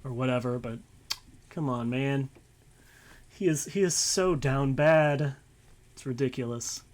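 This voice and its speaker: A man's voice: mid-range voice, a little slow. A man streaming a visual novel, reading narration aloud and rambling casually with light swearing. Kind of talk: let's-play commentary and reading aloud.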